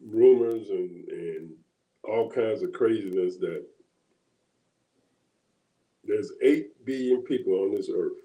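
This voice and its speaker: A man co-hosting a casual political chat. He thinks aloud in a halting way, with many pauses and restarts. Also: on the low side, dark tone, echoey room, dull audio. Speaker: co-host.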